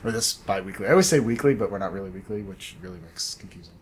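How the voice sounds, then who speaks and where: A man's voice: deep voice, lively intonation, quick pace. Chatty man explaining at length. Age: adult, studied Latin up to eleventh grade. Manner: chatty, digressive, explains at length with fillers and restarts. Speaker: podcast co-host. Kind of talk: casual chat.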